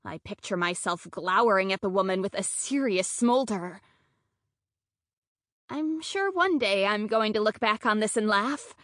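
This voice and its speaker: A woman's voice: medium pitch, expressive, unhurried, a bit bright, no room sound. Woman narrating a rom-com audiobook, dry. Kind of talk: first-person audiobook narration.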